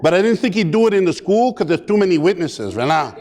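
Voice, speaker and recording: A man giving a comedic motivational talk at a community summit, animated and playful as he acts out scenes. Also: high voice, fast talker. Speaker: keynote speaker. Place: large hall at a community summit. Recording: long hall reverb.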